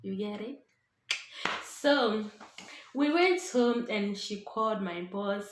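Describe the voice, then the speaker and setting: A woman's voice: medium pitch, takes it slowly, noisy background. A Ghanaian woman vlogger telling a personal story casually, acting out what others said. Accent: Ghanaian English. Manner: animated, acts out other people's voices. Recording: echoey room.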